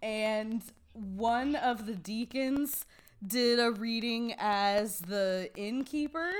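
A young adult woman on a casual movie-review podcast, telling an animated story full of fillers like "um" and "like" and frequent laughs. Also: on the high side, slow, clean tone. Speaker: podcast co-host.

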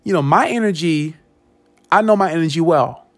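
Slightly high in pitch and moderately paced, a podcast host shares a personal story in a monologue, recorded dry. He animates it by repeating words and acting out what other people said.

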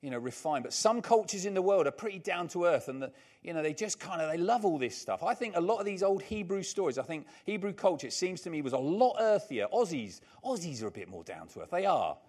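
An older male preacher whose voice sits a little high and swings widely as he leans into each point. He repeats his key phrases for emphasis and breaks off into chatty, joking asides to the congregation. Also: big pitch swings, quick pace, darkish tone. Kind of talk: sermon.

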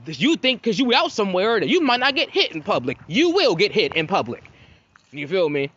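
A man in his thirties from Cincinnati tells stories in a casual podcast monologue, swearing freely and slipping into quoted voices. His voice is high and swings widely in pitch. The recording is muffled and lo-fi. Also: brisk. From Cincinnati, Ohio. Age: 30s. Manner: profane, animated, acts out quotes in bursts. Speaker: podcast host.

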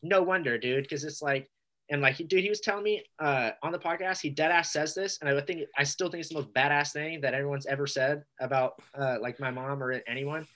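A man chatting casually on a podcast, excitable and slangy, with lots of filler words. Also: a little high, fairly quick.

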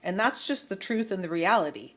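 A woman's voice: medium pitch, lively intonation, fairly quick, fairly bright tone. A woman hosting an online talk show, speaking earnestly about faith in casual chat.

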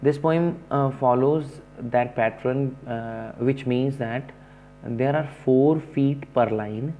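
Male teacher explaining a poem, halting and unhurried, dull lo-fi audio with faint music. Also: medium pitch. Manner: halting, many fillers, slow and explanatory. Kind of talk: poetry lesson explanation.

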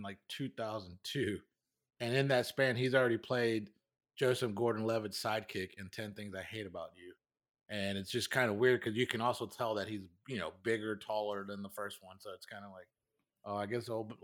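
A man's voice: fairly low pitch, fairly bright tone. A young man co-hosting a podcast, chatting loosely, laughing and swearing freely. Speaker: podcast co-host. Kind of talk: casual chat.

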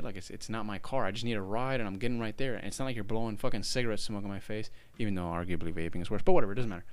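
A young man co-hosts a podcast, telling a story in casual chat with a lowish voice. He races along with few pauses, animated and swearing freely as he acts out what people said.

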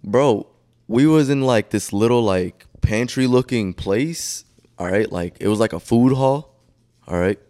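Animated young man telling a story. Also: medium pitch, a little slow. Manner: animated storytelling, heavy cursing and filler. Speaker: podcast host. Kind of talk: casual chat.

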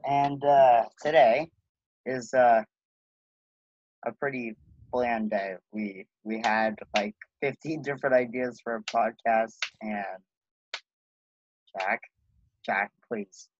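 A man's voice: mid-range voice, steady tone, slow pace, a little mellow. A young man co-hosting a casual podcast, talking hesitantly with many fillers. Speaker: podcast co-host. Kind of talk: casual chat. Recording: dull lo-fi recording.

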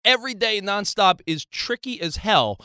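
A man co-hosting a talk show, defensive and animated, stumbling over restarts. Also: high-pitched, normal speed, smooth, no echo, clean studio sound. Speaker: radio show co-host. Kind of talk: casual talk show chat.

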